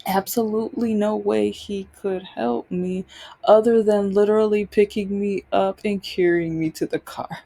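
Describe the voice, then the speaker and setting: A woman's voice: medium pitch, steady tone, normal speed, gravelly, warm tone. A woman host telling a personal story in a casual, rambling way, full of fillers and restarts, acting out what others said with rising exasperation. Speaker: podcast host.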